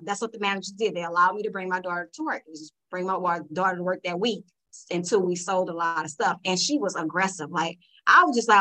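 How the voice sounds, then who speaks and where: A woman on a podcast panel, telling animated stories and acting out customers' lines. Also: medium pitch, fairly quick, low-quality recording. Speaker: panel guest. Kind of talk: casual podcast discussion.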